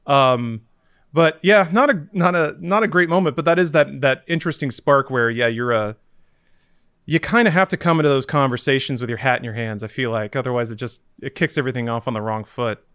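A man's voice: medium pitch, fairly quick, a bit bright, clean tone, no room sound, studio quality. A man telling a story on a podcast in a rambling, self-deprecating way, with many fillers. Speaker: podcast co-host. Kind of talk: casual chat, storytelling.

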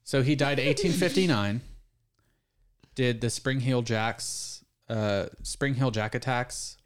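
A man's voice: mid-range voice, slow. A man chatting casually on a podcast, joking, asking questions and laughing often. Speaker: podcast co-host. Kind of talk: casual chat.

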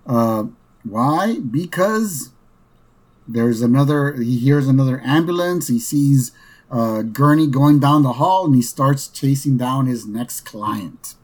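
A man's voice: medium pitch, expressive, slow. A man hosting a podcast, casually recapping a cartoon episode in a rambling way, with lots of fillers and "right?" asides. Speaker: podcast host.

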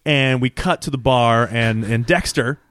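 Podcast co-host, male, mid-pitched, dry close sound, animated recapper who quotes characters. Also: measured pace, no echo. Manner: animated retelling, quoting characters. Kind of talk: casual recap chat.

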